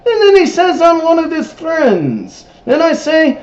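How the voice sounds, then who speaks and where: A man hosting a TV episode recap, telling it in character in an excitable, emphatic way. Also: extremely high pitch, measured pace, few pauses. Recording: roomy, dull lo-fi recording.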